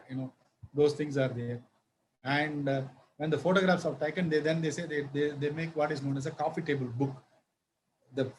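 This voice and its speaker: A man giving a law lecture, halting often with fillers and restarts and spelling words out. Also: on the high side, darkish tone, slight background noise, low-quality recording.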